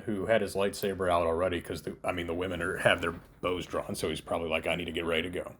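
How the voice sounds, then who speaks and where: A man's voice: on the low side, a little mellow. A man giving a casual spoken TV review, exasperated and incredulous, often laughing in disbelief. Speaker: TV show reviewer.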